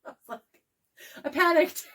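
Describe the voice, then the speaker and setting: She's a young podcast co-host sharing a story in loose, casual chat, lively throughout, breaking into laughter frequently and swearing freely, all at a normal speed.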